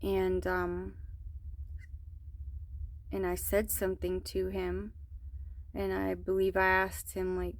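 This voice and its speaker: A mother slowly and earnestly recounting a troubling dream, with hesitant pauses. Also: medium pitch, completely flat delivery. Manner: slow, earnest, hesitant storytelling. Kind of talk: personal testimony.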